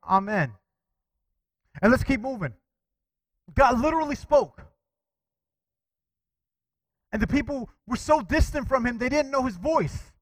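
A man preaching a sermon with animated delivery, calling out to his congregation for responses and quoting scripture. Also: extremely high pitch, unhurried, long pauses, no echo, rough recording. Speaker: pastor.

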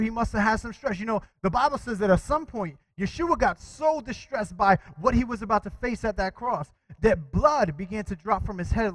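A man preaching a sermon with animated delivery, calling out to his congregation for responses and quoting scripture. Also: sits high, no room sound, low-quality recording. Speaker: pastor.

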